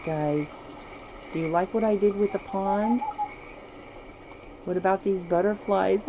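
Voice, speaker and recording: A woman streaming a life-sim game, chatty and giggly, talking straight to her viewers, over steady background noise. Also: medium pitch, unhurried, pauses often, muffled recording. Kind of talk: casual gameplay commentary.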